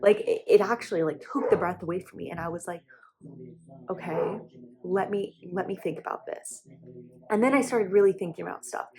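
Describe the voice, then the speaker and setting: A woman's voice: on the low side, moderate pace, a little mellow. Emotional young woman confiding on camera. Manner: candid, emotional, frequent "like" and restarts. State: close to tears. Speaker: vlogger. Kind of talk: personal confessional vlog.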